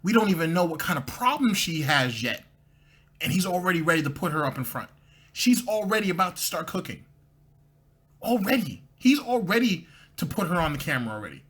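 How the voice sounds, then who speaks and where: A man's voice: high-pitched, very animated, a little fast, fairly bright tone, husky. A man hosting a commentary show, reacting to clips with dry, mocking asides and sarcastic remarks. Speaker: commentary host.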